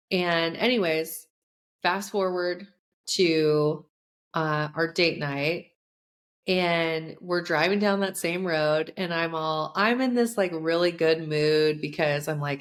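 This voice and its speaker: A young woman hosts a podcast and tells a personal story in a chatty, animated way. Her voice sits on the lower side, and she speaks at a slow, unhurried pace. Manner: chatty, animated retelling with many "like" fillers. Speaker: podcast host and coach.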